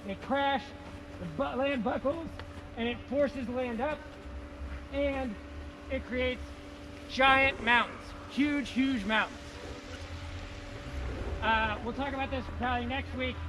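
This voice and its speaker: A male science teacher giving a playful, energetic hands-on lesson outdoors in the snow, repeating key words. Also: very high-pitched, slow pace, pauses often, noisy background.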